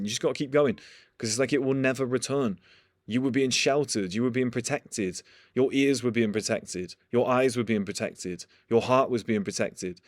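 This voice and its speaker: A man's voice: mid-range voice, normal speed, no room sound. Young guy, blunt and profane motivational talker, dry close mic. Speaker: motivational speaker. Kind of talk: casual motivational monologue.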